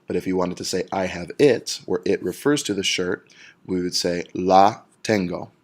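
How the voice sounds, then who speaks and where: A deep-voiced male teacher talks through a grammar lesson in a steady, patient way. He works through each example step by step and draws out the key words slowly so students can follow. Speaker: Spanish teacher.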